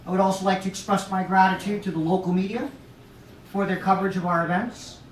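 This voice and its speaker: A man's voice: high voice, steady tone, quick pace, a little hiss or hum. A man giving an earnest, formal welcome speech at an art show. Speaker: founding member of an art group giving a speech. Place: art show in a restaurant lounge. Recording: roomy sound from a distant camera.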